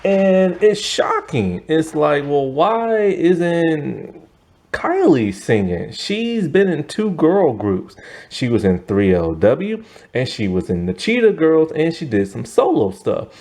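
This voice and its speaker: A man's voice: on the high side, very animated, slow, a little mellow. A man giving a casual, opinionated movie review, rambling with lots of "like" and "you know". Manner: chatty, rambling, heavy use of "like" and "you know"; emphatic, opinionated.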